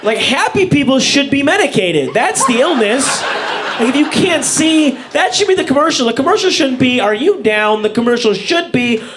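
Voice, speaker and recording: Very high-pitched and extremely animated, this man delivers a stand-up rant at a moderate pace, his tone sarcastic, incredulous and profane. The background is noisy, with a laughing audience roaring in the live venue.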